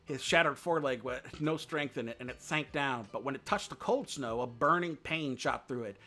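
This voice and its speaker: A man reading a book aloud on a live stream, with expressive pacing and dramatic pauses. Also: medium pitch, soft background music.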